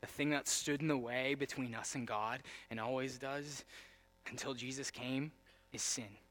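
A young adult man preaching a sermon, moving between quiet storytelling and loud, emphatic preaching. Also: mid-range voice, fairly even intonation, normal speed. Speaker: pastor.

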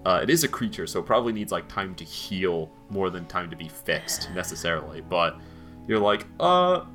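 A man's voice: low voice, a little fast, fairly bright tone, soft background music. A man running a tabletop game as game master, talking loosely with lots of fillers. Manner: loose, chatty, full of fillers.

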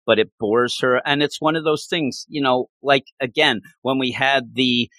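A man hosting a casual podcast chat about a book, animated and acting out character lines. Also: mid-range voice, moderate pace, no room sound. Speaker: podcast host discussing a book.

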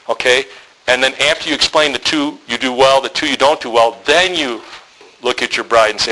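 A man gives a sermon to other men in a storytelling way, candid and often joking. His voice is bright and forceful at a middle pitch. He acts out the people he quotes. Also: fairly quick, low-quality recording. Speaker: men's ministry speaker.

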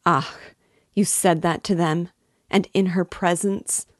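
A woman's voice: sits low, steady tone, takes it slowly, no room sound, studio quality. A woman reading the lines of a frightened, devout young woman who cries out in anguish. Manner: pleading, crying out in anguish.

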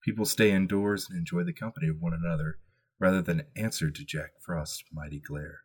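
A man hosting a tabletop game as its game master, telling a horror scene in slow, hushed narration that drops to a murmur. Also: low voice, fairly even intonation, slightly rough.

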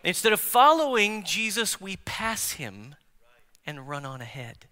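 A man preaching a sermon as a pastor in a church, swinging between emphatic declarations and hushed near-whispers and putting questions straight to the congregation. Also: high-pitched, very animated, measured pace. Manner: engages the congregation with direct questions. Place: large church sanctuary. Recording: long hall reverb from church sanctuary.

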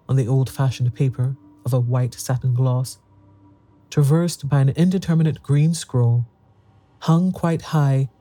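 A man reading a story aloud in a measured, even storytelling manner. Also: medium pitch, no room sound. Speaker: narrator. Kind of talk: audiobook narration.

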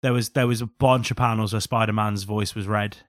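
A man's voice: on the low side, fairly even intonation, dry recording. Playful jokey man, dry close mic. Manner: playful, jokey, quick to laugh. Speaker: podcast co-host. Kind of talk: casual comic-book chat.

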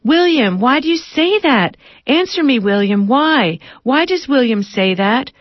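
A distraught woman screeches at someone who isn't there, as a woman reader puts her on. Her voice is pitched well up and pleading, and the recording is dull and dry. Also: lively intonation, a little slow, dry recording. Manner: shrill, pleading.

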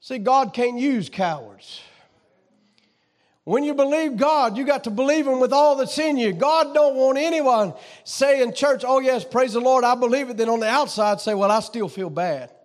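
A man preaching a sermon, fervent and folksy, building up to shouting with repeated phrases. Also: very high-pitched, moderate pace.

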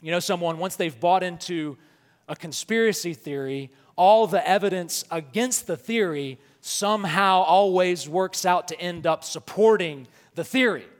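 A man with a high voice preaches a sermon, drawing out his scripture readings and then climbing into loud, emphatic declarations. His words ring out with a long reverb, as if he stands in a large sanctuary. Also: a little slow. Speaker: pastor.

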